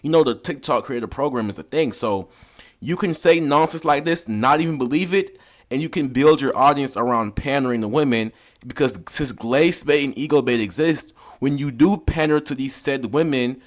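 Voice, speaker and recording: A man's voice: medium pitch, moderate pace. A man hosting, giving casual reaction commentary in slangy, lecturing talk. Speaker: dating coach, host.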